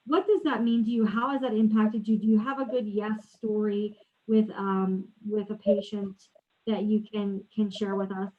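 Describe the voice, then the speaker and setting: A woman's voice: mid-range voice, level tone, normal speed. A woman interviewing a colleague in a casual chat, talking loosely with restarts, over a video call. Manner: chatty, many restarts and fillers. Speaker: interviewer for a company Q&A. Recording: tinny phone-like audio.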